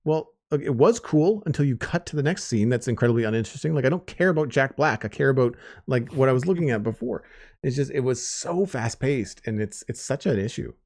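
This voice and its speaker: A man's voice: medium pitch, expressive, a little fast, darkish tone. A man in an average register hosts a casual podcast roundtable. He rambles through his points, doubling back and restarting sentences. His delivery is loose and conversational. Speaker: podcast host.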